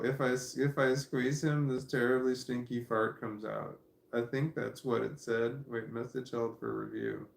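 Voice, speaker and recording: Gravelly man rambling through chat comments. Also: medium pitch, echoey room. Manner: rambling, laughs often, reads comments aloud. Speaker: livestream host reading chat. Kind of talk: casual livestream chat.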